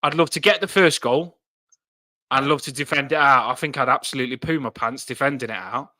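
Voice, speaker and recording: A man co-hosting a fan football channel, chatting casually with jokey, excitable banter. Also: medium pitch, brisk, no echo.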